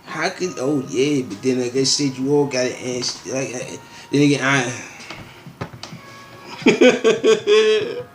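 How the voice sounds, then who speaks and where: A man's voice: mid-range voice, animated, takes it slowly, long pauses, faint music behind. A man hosting his own show, reading news headlines and riffing on them in a loose, slangy, rambling way. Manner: loose and slangy, with frequent asides and filler phrases. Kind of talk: casual rambling news commentary.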